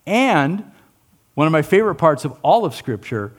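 A man preaching a sermon in a fairly high voice whose pitch swings widely. He questions his listeners, plays out quoted lines, and sinks low and quiet on his weightiest points. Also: moderate pace. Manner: animated, asks the listeners questions, acts out quotes; drops low and soft on key lines. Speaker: pastor.

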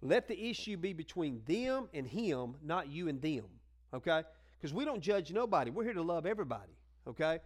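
A man with a high voice preaches to his congregation in a folksy, conversational way. He acts out the people in his stories and climbs into fervent, rousing exhortation. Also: big pitch swings, normal speed. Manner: acts out quoted voices in dialogue. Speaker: pastor. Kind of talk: sermon.

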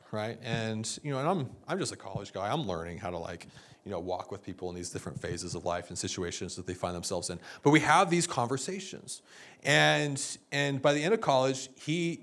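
A middle-aged man preaching a sermon, telling stories and acting out what other people said in lively bursts. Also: medium pitch. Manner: storytelling, animated, quoting others in lively bursts. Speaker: pastor.

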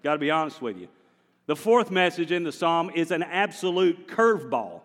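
A man preaching a sermon to his congregation in a church, animated and conversational, drawing the congregation in. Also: on the high side, normal speed, long reverb tail. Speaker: pastor. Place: large church sanctuary.

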